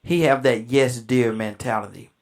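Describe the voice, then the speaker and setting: A man's voice: mid-range voice, moderate pace, creaky. A man hosting a casual talk show, asking guests long questions and backing them up with frequent affirmations. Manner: lively, affirms often, asks long questions. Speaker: host. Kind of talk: casual chat.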